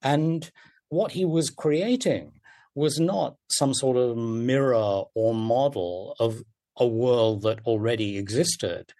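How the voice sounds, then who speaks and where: Animated older male literary critic. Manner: animated, emphatic with wide pitch swings. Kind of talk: radio interview.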